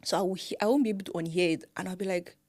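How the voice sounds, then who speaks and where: A Nigerian woman with a Nigerian accent co-hosting a podcast in casual chat, animated, laughing often and mimicking pronunciations. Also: fairly low pitch, racing. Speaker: podcast co-host.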